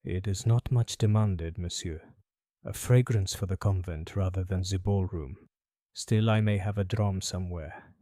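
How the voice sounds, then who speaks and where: A man voicing a smooth, calculating French perfumer in an audiobook, with a French accent and a polite, evasive manner. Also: low-pitched, a little slow, dark tone, no room sound, clean studio sound. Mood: suave. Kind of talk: audiobook character voice.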